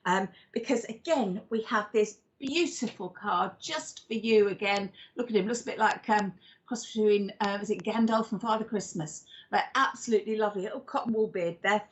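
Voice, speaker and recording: A woman's voice: medium pitch, normal speed. A woman who is a psychic medium and regression therapist, giving card readings in a chatty, rambling, affectionate way and calling people darling. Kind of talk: live-stream card readings and chat.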